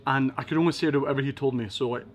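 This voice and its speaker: A Scottish man from Edinburgh, a podcast guest telling animated anecdotes with wry asides. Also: mid-range voice, rapid-fire. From Scotland, Edinburgh. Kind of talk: casual storytelling interview.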